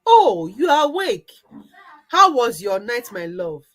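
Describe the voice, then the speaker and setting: A woman's voice: a little high, big pitch swings, slow, exaggerated voice. A woman voicing an affectionate, teasing husband in a spoken story. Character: loving adoring middle-aged husband.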